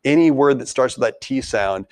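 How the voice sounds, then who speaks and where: A man's voice: mid-range voice, lively intonation, normal speed, dry recording. A man teaching a beginner band lesson, explaining tonguing and foot tapping and counting rhythm syllables aloud. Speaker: music teacher.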